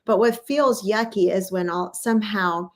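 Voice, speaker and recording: A woman's voice: mid-range voice, moderate pace. A woman hosting a podcast in casual conversation, thinking aloud in a reflective way. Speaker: podcast host.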